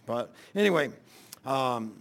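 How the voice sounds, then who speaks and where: An older man pastor giving an informal sermon, telling folksy stories with loud exclamations and chuckles. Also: medium pitch, expressive, takes it slowly, vocal fry, slight background noise.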